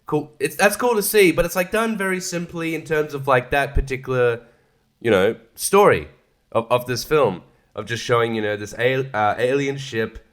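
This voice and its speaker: A man's voice: mid-range voice, normal speed. A man hosting a casual film review podcast, rambling and sarcastic, swearing freely and laughing often. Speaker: podcast host reviewing films.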